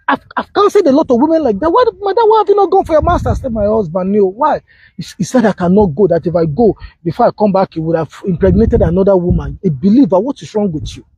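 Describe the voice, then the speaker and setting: A man preaching a sermon on marriage, telling stories with quoted dialogue and sudden high exclamations. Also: dark tone, breathy edge, no echo, dull audio. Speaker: pastor.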